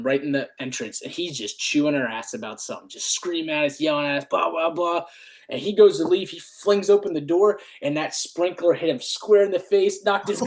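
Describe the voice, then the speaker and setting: A middle-aged man, a retired army dog handler, telling stories on a podcast, swearing freely and laughing often. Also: a little high. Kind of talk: casual storytelling chat.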